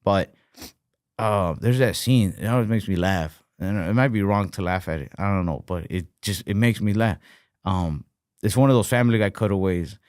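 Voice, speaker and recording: A man co-hosting a podcast in casual, profane banter, animated and often jumping into higher voices when quoting people. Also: moderate pace, no room sound, clean studio sound. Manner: animated, profane, jumps into high-pitched quoted voices. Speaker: podcast co-host.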